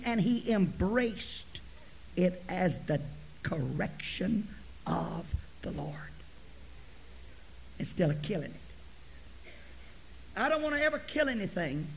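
High-voiced male preacher, soft to loud. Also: big pitch swings, takes it slowly, gravelly, long pauses, slight background noise, low-quality recording. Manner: swings from soft near-whispers to loud preaching; folksy storytelling. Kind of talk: sermon.

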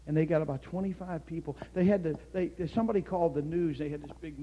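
Older male preacher, fairly high voice, hushed storytelling that erupts into shouting, dull recording. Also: fast. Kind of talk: sermon.

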